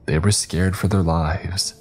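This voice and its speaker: A cold, composed woman in charge of a secretive facility, as a deep-voiced male narrator puts her on. She probes with smooth, clipped authority, pitched lifted from a very low base. Faint music sits under the horror-story reading. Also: steady tone, a little slow, darkish tone. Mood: cool.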